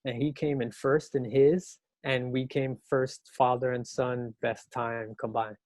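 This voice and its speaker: A middle-aged man from New York, a podcast guest in casual chat, telling animated, slangy stories. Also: measured pace, no echo. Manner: animated storyteller, slangy, mimics people in high voices.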